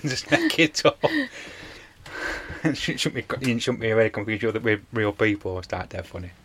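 A man's voice: on the low side, moderate pace, a little hiss or hum. A man, casually retelling a TV episode on a podcast, rambling with many fillers. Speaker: podcast co-host. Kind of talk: casual chat.

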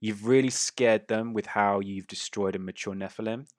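A man narrating a tabletop game as game master, describing the action in a casual way with quick asides. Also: lowish voice, fairly even intonation, dry recording, studio quality.

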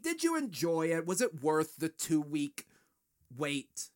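A man's voice: fairly high pitch, big pitch swings, takes it slowly. A man hosting a solo podcast, ranting in a fired-up, profane way. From United States. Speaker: podcast host.

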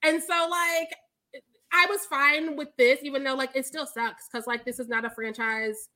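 A woman with a high, bright voice co-hosts a casual podcast chat. She tells stories animatedly, swearing freely and piling on the details. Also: moderate pace. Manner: animated, profane storytelling with laughs. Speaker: podcast co-host.

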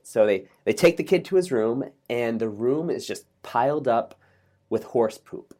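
A middle-aged man, a podcast guest, telling a joke and stories in a lively, optimistic way in a casual interview. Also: medium pitch, normal speed. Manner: energetic, optimistic, acts out voices in a joke.

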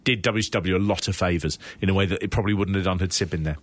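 A man's voice: sits low, racing, dry recording. A man co-hosting a podcast, telling a wild story in casual, laughing chat with swearing and acted-out quotes. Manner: animated, laughing, swearing, acts out quoted voices. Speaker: podcast co-host.

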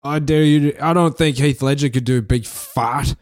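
A man co-hosting a comedy chat, telling crude stories with deadpan ribbing. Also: mid-range voice, normal speed, no room sound, studio quality. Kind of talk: casual comedic banter.

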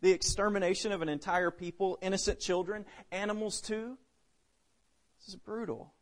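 A man preaching a sermon, swinging between loud emphasis and hushed drops. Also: high voice, fairly even intonation, moderate pace.

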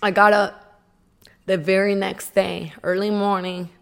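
A woman's voice: medium pitch, unhurried, vocal fry. Emphatic woman telling her story. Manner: emphatic and animated, with frequent "like". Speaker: motivational speaker. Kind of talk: personal storytelling.

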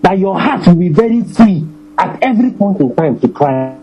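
A man preaching a sermon to his congregation, emphatic, repeating phrases and slowing down to stress scripture. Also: high-pitched, big pitch swings, mellow, slightly rough, rough recording.

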